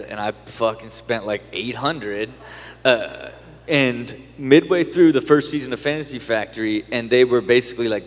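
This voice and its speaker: A man tells his story in a loose, animated way, swearing often and tripping over his own restarts. His pitch sits in the middle for a man. A long reverb hangs on his voice. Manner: animated, swears a lot, many fillers and restarts. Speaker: podcast guest. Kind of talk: casual interview storytelling.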